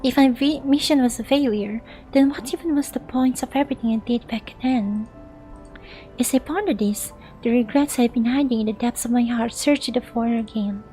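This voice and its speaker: A woman's voice: fairly high pitch, moderate pace, warm tone, faint music behind, poor audio. A young woman streaming a game, reading its dialogue aloud expressively with playful, giggly asides.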